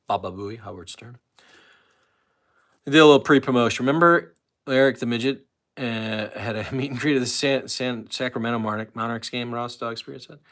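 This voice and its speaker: A man's voice: mid-range voice, fairly quick, fairly bright tone. A man hosting a casual live stream, rambling about sports betting and news and reading viewers' comments aloud. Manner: rambling, chatty, reads chat comments aloud.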